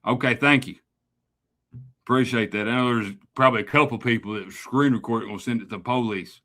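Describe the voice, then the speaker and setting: A man's voice: mid-range voice, a little fast, a bit bright. A man hosting a livestream and taking phone calls, bantering in a loose, laid-back way. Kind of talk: casual livestream chat.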